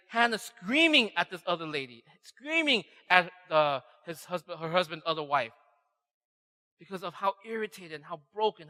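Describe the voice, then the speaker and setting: A man's voice: high voice, sharp tone. A man preaching a conversational sermon, often checking in with a "right?" and acting out quoted voices. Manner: conversational, keeps asking "right?". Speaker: pastor. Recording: long hall reverb.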